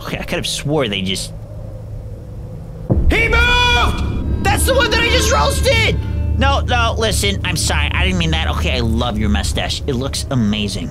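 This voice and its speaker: Woman gamer yelling at her game, super bouncy up and down voice. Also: medium pitch, unhurried. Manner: excitable, reactive, frequent shouts. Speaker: gaming video host. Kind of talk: gameplay commentary. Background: game music.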